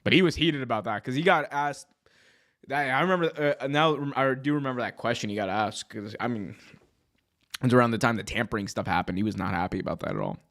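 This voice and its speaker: Excitable, slangy male podcast host. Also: mid-range voice, quick pace. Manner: excitable, jokey, lots of slang and reactions. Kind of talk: casual livestream commentary.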